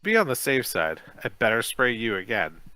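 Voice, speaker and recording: A man's voice: mid-range voice, big pitch swings, moderate pace, sharp tone, dry recording. A man reading as a gloating villain coach. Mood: scheming. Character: scheming adult male camp coach villain.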